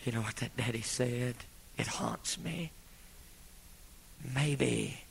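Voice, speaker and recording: A man preaching a sermon with dramatic swings between loud, impassioned peaks and hushed whispers. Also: medium pitch, takes it slowly, gravelly, pauses often, breathy edge, rough recording.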